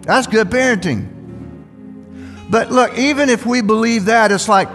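Older male pastor, high voice, reverberant hall. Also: measured pace, long pauses, fairly bright tone. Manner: conversational, asks the congregation questions. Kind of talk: sermon. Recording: long hall reverb with faint music.

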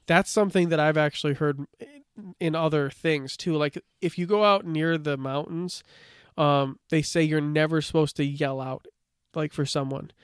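Smooth, higher-voiced man telling lore casually. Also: normal speed, dry recording, studio quality. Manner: relaxed storytelling, reads from notes, many "like" fillers. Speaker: podcast co-host. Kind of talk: casual chat.

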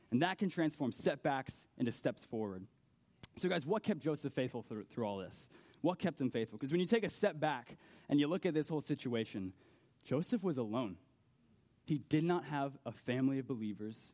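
A man's voice: a little high, mellow. Earnest man preaching to young listeners. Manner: earnest, conversational, often addresses listeners as "guys"; asks rhetorical questions. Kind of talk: youth sermon.

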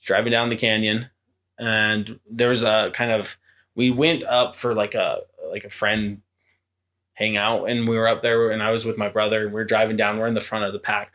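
A young man telling a ghost story in a relaxed podcast chat, with a fairly low voice. He acts out each quoted voice and the creaking steps with lively emphasis. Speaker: podcast co-host. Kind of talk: casual storytelling.

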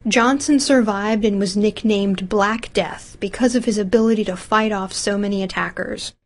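A woman reading a scripted history narration in an even, measured way. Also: medium pitch.

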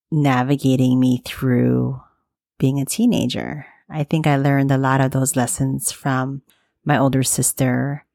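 A woman in her thirties talking candidly in a personal, reflective monologue, with soft fillers and restarts. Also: extremely low pitch, gravelly, no echo, studio quality.

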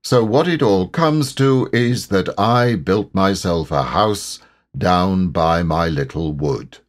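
A man reading an audiobook, voicing a gloomy, self-pitying old grey donkey in a slow, melancholy drawl. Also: deep voice.

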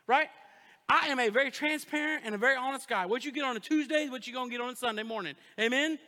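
A man preaching a sermon as pastor, joking and energetic, with call-and-response asides to the congregation. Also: very high-pitched, fast talker. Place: church sanctuary. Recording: long church reverb.

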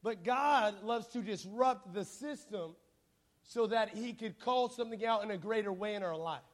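A high-voiced man preaches to a congregation and tells stories with lots of playful energy. He keeps asking the crowd to repeat words and wave back. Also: moderate pace. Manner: animated, playful, call-and-response with the congregation. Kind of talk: sermon with storytelling.

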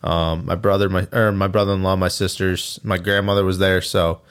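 A man's voice: deep voice, flat delivery, moderate pace, clean tone. A man in his twenties co-hosting a podcast, chatting loosely and telling stories with quoted asides and swearing. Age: 20s. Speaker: podcast co-host. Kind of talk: casual chat.

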